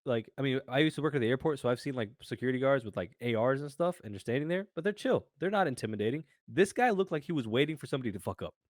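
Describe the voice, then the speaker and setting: A young American man, co-host of a podcast, telling a story in a casual, animated way, acting out voices and swearing freely. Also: medium pitch, rapid-fire, few pauses, dry recording, clean studio sound. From United States.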